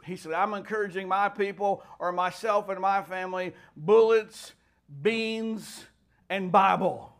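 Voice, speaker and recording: A male pastor preaching a fervent sermon that swells into shouting. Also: high-pitched, fairly even intonation, a little slow, clear, resonant tone.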